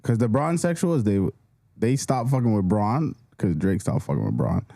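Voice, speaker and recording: A man's voice: fairly low pitch, sing-song, normal speed, gravelly, mellow, dry recording, clean studio sound. A man on a casual podcast who asks provocative, teasing questions.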